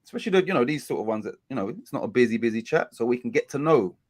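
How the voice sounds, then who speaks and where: A man from England streams a casual football watch-along, sounding animated and talking very fast in a mid-range voice. He wanders through his thoughts, frequently correcting himself, and keeps viewers engaged in chat.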